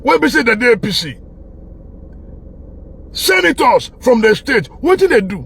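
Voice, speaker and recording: Nigerian man, Pidgin-tinged accent, high voice, impassioned preachy monologue. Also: sing-song, measured pace, creaky, slightly rough. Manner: preachy, repetitive, with bursts of laughter and shouting. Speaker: online commentator.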